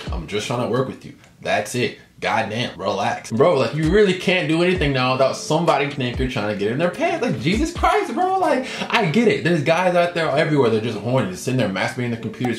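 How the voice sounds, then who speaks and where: A man's voice: medium pitch, very animated, fast, few pauses, roomy sound, faint music behind. A man of about twenty ranting to camera as a vlogger, blunt and exasperated, full of slang.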